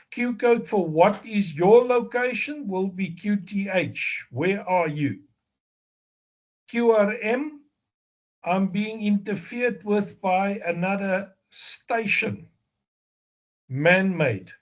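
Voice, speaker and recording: A man with a South African accent giving a slow, deliberate exam review lecture, explaining step by step with fillers and self-corrections. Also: high voice. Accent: South African English. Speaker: amateur radio exam instructor.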